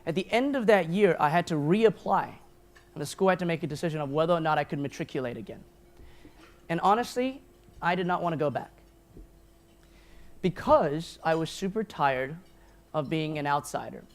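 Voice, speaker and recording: A man delivers a keynote speech at a lunch gathering. He tells a personal story earnestly and pokes fun at himself. His voice sits a little high and is picked up by a podium microphone. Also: animated, normal speed, pauses often. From grew up in Taiwan, New Zealand and the United States. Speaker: keynote speaker. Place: event hall at a lunch gathering.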